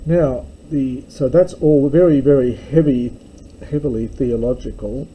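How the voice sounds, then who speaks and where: A man teaching a slow verse-by-verse Greek lesson, explaining word by word with pauses and fillers. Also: medium pitch, dark tone, slightly rough, low-quality recording.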